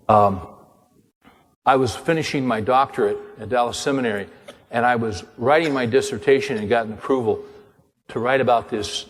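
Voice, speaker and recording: An older pastor and author delivers a sermon as an animated storyteller, acting out dialogue by slipping into the voices of his story's characters. His middle-pitched voice carries a long hall reverb.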